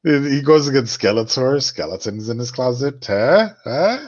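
Easygoing, lively man on a dull lo-fi recording. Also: medium pitch, a little slow. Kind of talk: casual chat. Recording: dull lo-fi sound.

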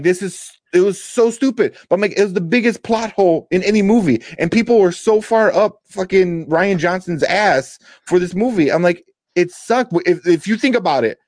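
A young man talks in a fairly high voice, swearing freely as he rants with growing exasperation. His voice sounds dry and close, with no room around it. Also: no room sound. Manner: ranting, profane, exasperated. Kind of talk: casual chat.

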